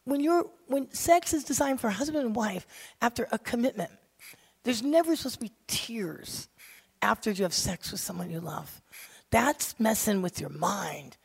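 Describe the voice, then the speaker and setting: A woman preaching a sermon to women, her delivery swinging from soft, hushed lines to loud, emphatic ones. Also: a little high, expressive, moderate pace, creaky, slightly rough. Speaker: women's ministry speaker.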